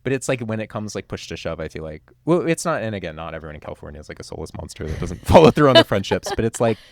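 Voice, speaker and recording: Male host from New Jersey; lowish voice, lively pitch, swears, acts out bits. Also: no room sound, studio quality. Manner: animated, swears freely, acts out people in quick bits. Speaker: podcast host. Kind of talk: casual chat.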